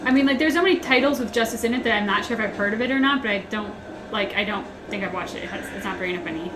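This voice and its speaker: A woman's voice: medium pitch, rapid-fire. A woman co-hosting a casual gaming livestream, playful and teasing, with many ums. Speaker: livestream co-host. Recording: echoey room with clear background noise.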